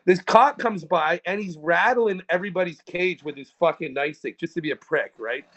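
A man's voice: a little high, normal speed, a bit bright, muffled recording. A man telling rambling, profane stories in a casual podcast chat. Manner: rambling and profane, with frequent restarts. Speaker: podcast co-host.

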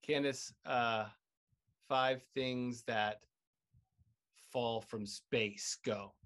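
A woman's voice: extremely low pitch, very slow. A woman co-hosting a podcast in casual chat, playful and giggly. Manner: playful, giggly, puts on silly voices. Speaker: podcast co-host.

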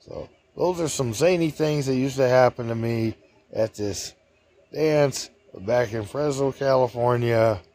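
A man's voice: mid-range voice, a little slow, a little mellow. Rambling male storyteller. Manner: chatty, meandering, chuckling. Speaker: vlogger.

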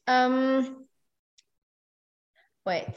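A woman's voice: sits high, extremely slow, highs cut off. A young woman from Norway, chatting casually as a guest, hesitant, with many fillers and small laughs. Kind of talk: casual conversation.

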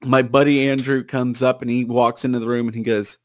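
A young man in casual chat, telling a story in an animated way and acting out his friends' lines. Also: medium pitch, a little fast, no echo, studio quality.

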